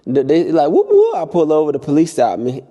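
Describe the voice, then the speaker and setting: A young man telling a story casually on a vlog, acting out the people in it. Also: normal speed. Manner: animated, impulsive storytelling with high-pitched acted-out quotes. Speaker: vlogger.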